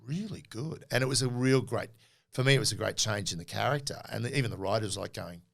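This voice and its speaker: A middle-aged Australian man, a podcast guest, telling animated stories in a casual interview and acting out quoted dialogue. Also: on the low side, quick pace, creaky.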